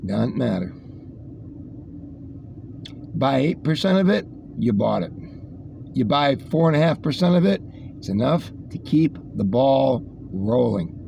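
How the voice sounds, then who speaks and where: A man's voice: mid-range voice, big pitch swings, moderate pace, vocal fry, dark tone, lo-fi sound, a little hiss or hum. A man hosting a casual news rundown, rambling with sarcastic asides. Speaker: host reading the news.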